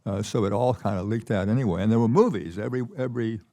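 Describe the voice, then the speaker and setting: A man's voice: on the low side, fast talker, warm tone. An older man telling stories as a conference keynote guest, rambling with many restarts. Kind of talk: conversational storytelling. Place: conference stage.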